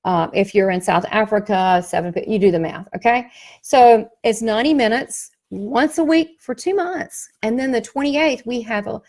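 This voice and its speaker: A woman's voice: a little high, moderate pace. A woman with a Southern US accent, a psychic medium promoting her class, talking in an emphatic, folksy way. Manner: emphatic, folksy, animated storytelling. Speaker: psychic medium, workshop host. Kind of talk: motivational promo talk.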